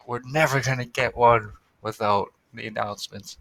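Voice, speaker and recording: A man teaching a recorded lesson for young children, patient and slow, sounding out words and sentences. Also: mid-range voice, steady tone, pushed and bright, a little hiss or hum.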